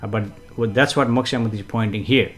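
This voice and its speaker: A man hosting a casual live stream, greeting viewers and reading their comments, chatty and gently explanatory with frequent fillers and soft chuckles. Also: lowish voice, fast, soft background music. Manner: gently explanatory, repeats himself for emphasis. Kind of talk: casual live-stream chat with spiritual teaching.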